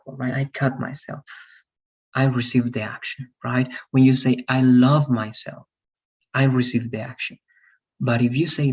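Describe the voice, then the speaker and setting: A man's voice: medium pitch, husky, muffled recording. A man teaching an online English grammar lesson, patiently repeating examples and checking with "all right?".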